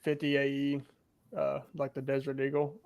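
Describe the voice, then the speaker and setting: A man's voice: mid-range voice, monotone, moderate pace, creaky, a crowd in the background. A man hosting a podcast, rambling in casual chat with many fillers. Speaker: podcast host.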